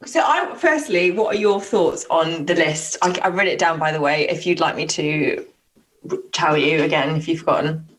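A woman's voice: low-pitched, normal speed, poor audio. A woman co-hosting a casual podcast, blunt and teasing as she tells her stories. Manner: blunt, teasing, animated storyteller. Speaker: podcast co-host.

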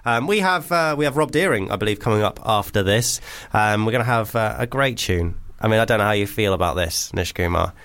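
A man's voice: on the low side, lively intonation, a bit bright, clear, resonant tone. Rambling guy hosting a radio show. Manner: quick, rambling storytelling with fillers. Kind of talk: comedic radio banter.

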